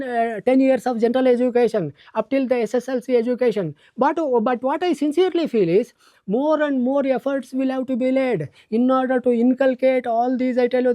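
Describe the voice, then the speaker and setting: A man giving a slow, deliberate educational lecture, listing qualities one by one and often adding "I tell you". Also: very high-pitched, warm tone, no echo. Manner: repeats the filler "I tell you" and lists words one by one.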